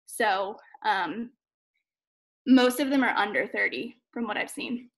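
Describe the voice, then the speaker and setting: A woman's voice: mid-range voice, a little slow, fairly bright tone, slight background noise. A woman coach on a team video call. She talks in an enthusiastic, chatty way, full of "um" and "like," and sounds out of breath. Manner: enthusiastic, chatty, many fillers like "um" and "like". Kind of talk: casual video call chat.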